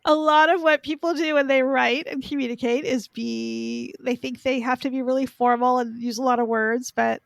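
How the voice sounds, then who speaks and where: A middle-aged woman guesting on a podcast, her voice pitched a little high with a gravelly fry at the ends of phrases. She explains things in long, friendly run-on sentences. The sound is close and dry, with no room around her. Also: steady tone, moderate pace, few pauses, no echo. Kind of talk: casual interview chat.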